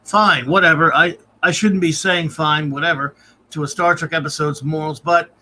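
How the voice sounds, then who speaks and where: A man's voice: fairly high pitch, fairly even intonation, normal speed, pushed and bright, a little hiss or hum. A man hosting a casual live-stream review, reading out viewer comments and grades and chuckling often. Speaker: podcast host.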